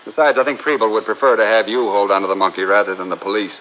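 An actor playing a practical, wry sidekick who talks briskly in a 1940s radio drama, on a dull old recording with faint hiss. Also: male voice, fairly low pitch, lightly acted.

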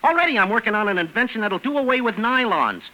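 An actor playing a bumbling young fix-it shop owner who cracks quick jokes and lets out nervous chuckles, in a 1940s radio comedy. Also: male voice, high voice, expressive, pushed and bright, low-quality recording. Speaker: comic lead of the show. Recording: very hissy old radio broadcast.

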